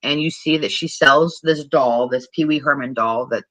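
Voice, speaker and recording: A woman's voice: rumbling low, moderate pace, fairly bright tone, no room sound, poor audio. A woman co-hosting a podcast, retelling a movie in a rambling, profane, casual way with frequent laughs. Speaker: podcast co-host. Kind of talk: casual movie recap chat.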